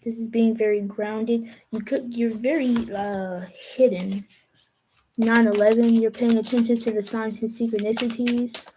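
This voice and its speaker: Mellow-voiced young woman giving a tarot reading. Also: fairly high pitch, steady tone, a little hiss or hum, poor audio. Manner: slow, musing, trails off and restarts. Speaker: tarot reader.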